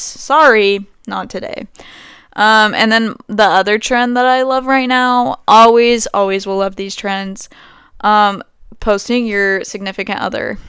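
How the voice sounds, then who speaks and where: A woman's voice: fairly high pitch, fairly bright tone, clean tone, no room sound, clean studio sound. A woman hosting her own podcast, chatting in a rambling, giggly and self-mocking way. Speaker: podcast host. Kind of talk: casual rambling podcast chat.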